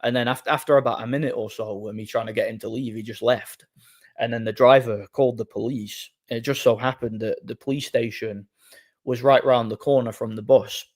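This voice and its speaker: A man hosting a livestream, telling a rambling anecdote in an animated, casual way and acting out quoted dialogue. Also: medium pitch, brisk. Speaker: livestream host. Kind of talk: casual storytelling to a live audience.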